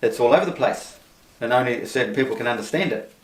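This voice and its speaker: An Australian man in a casual group chat over a video call, explaining in a rambling, halting way. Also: mid-range voice, expressive. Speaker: panel member. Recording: roomy echo.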